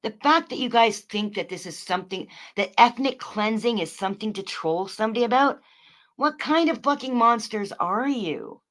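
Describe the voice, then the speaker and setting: A woman livestreaming, ranting at her chat in a profane, mocking way, swinging between loud outbursts and quiet remarks. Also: a little high, lively intonation, normal speed. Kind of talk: angry livestream rant to chat.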